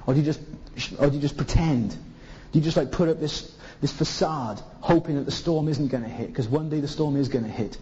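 A man from Zimbabwe delivers an impassioned sermon and presses his listeners with question after question. His voice sits a little high but sounds warm and soft-edged. The recording is muffled and lo-fi. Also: fairly quick. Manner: impassioned, pleading rhetorical questions. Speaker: preacher. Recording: dull lo-fi recording.

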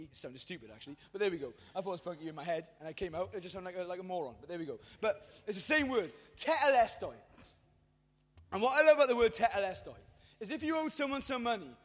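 A man preaching a sermon in casual slang, with self-mocking asides, building from easy storytelling to shouted fervor. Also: extremely high pitch. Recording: long hall reverb.

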